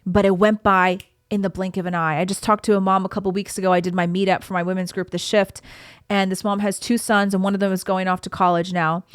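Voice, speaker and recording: A woman's voice: medium pitch, flat delivery, quick pace, clean tone, no echo, studio quality. A young woman hosting a solo podcast, talking in an earnest, encouraging, conversational way while pregnant. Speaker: podcast host. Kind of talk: casual solo podcast talk.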